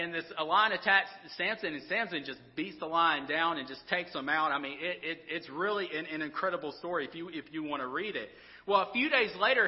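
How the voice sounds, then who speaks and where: Man, pastor, casual sermon, conversational, slightly high voice, dull recording. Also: long reverb tail. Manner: casual, conversational preaching with frequent restarts and "all right?" asides.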